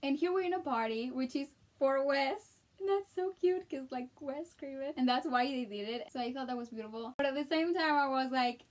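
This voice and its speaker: High-voiced, gushing woman vlogger. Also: a little fast, few pauses. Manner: excitable and gushing, acting out her own reactions. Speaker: vlogger reviewing a film. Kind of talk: casual chat.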